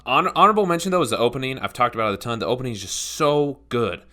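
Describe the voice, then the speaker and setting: A man's voice: medium pitch, sing-song, pushed and bright. A young man co-hosting a podcast, chatting casually and analytically about a movie, with a lot of "like". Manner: analytical, fills pauses with "like". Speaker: podcast co-host.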